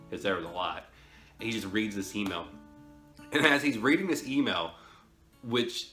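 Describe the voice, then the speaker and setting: A man's voice: lowish voice, sharp tone. A man telling a story in a casual, rambling way, often chuckling. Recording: roomy echo, faint music.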